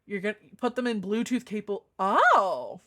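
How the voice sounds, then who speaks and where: A woman streamer chatting casually and reading her chat aloud, frank and playful, swearing freely and jumping up in pitch now and then. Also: very animated, normal speed. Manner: chatty with sudden jumps in pitch and loudness.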